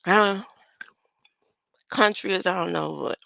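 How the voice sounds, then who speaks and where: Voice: mid-range voice, takes it slowly, vocal fry, pushed and bright, no room sound. A vlogger talking in a rambling casual monologue, musing and drifting from topic to topic and chuckling often. The sound is dull and lo-fi.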